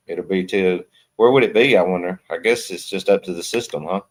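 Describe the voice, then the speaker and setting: A low-pitched man hosts a casual live stream panel. He talks in a folksy, emphatic manner, hammering points home by repeating them over and over. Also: a little fast, poor audio. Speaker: livestream host.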